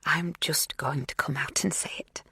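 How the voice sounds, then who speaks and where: A woman voicing an intense, tender, unsettling older woman in a breathy whisper. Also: on the low side, big pitch swings, moderate pace, no room sound, studio quality, pitched above the performer's own voice. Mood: hushed intense.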